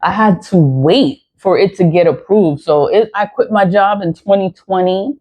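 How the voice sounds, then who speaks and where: A woman's voice: medium pitch, moderate pace, darkish tone. A woman talking casually and bluntly in a rambling vlog, repeating herself and swearing freely as she talks about her tarot reading. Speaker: YouTuber and tarot reader. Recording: dull lo-fi recording.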